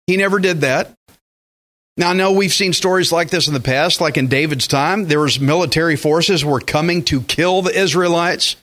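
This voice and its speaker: A man preaching a radio sermon in an animated way, acting out quotes with big jumps in his voice. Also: on the high side. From Texas. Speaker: pastor.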